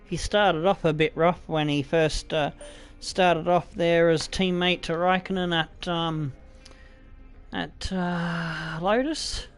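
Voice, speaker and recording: An Australian man commentating his own racing game play, animated and swearing, talking to the car as he drives. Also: on the high side, slow, soft background music. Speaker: gaming video creator.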